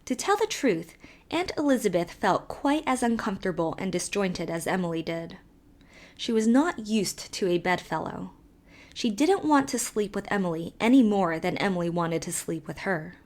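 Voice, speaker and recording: A woman narrating a classic novel in a measured, expressive reading. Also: medium pitch. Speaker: audiobook narrator. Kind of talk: scripted narration.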